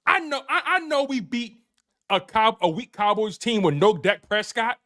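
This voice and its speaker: After a win, a sports show host with a Philadelphia accent celebrates in a live post-game rant, his high voice bouncing, bright and pushed. Expressive and hyped, he uses slang, laughs readily, circles back on his own phrases, and addresses his live audience directly.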